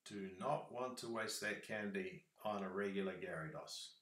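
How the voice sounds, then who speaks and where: A man's voice: low voice, moderate pace, a bit bright, roomy sound. A man with a New Zealand accent chatting casually on a livestream, rambling with lots of fillers.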